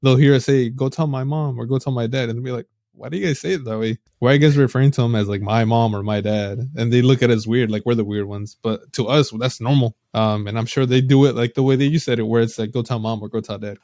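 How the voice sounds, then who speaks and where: A man's voice: medium pitch, fast, few pauses, no echo. Male co-host, mid-range voice, easygoing and slangy, dry close-miked podcast sound. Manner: relaxed, chatty, says "bro". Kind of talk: casual chat.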